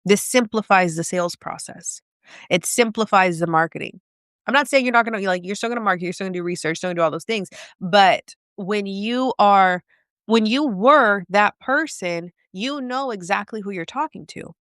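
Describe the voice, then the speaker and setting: A woman coaching an audience in a live video, casual and direct, with a steady stream of questions. Her voice is smooth and clear, set at a middle pitch. The close mic gives a dry sound. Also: moderate pace, no room sound. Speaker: business coach.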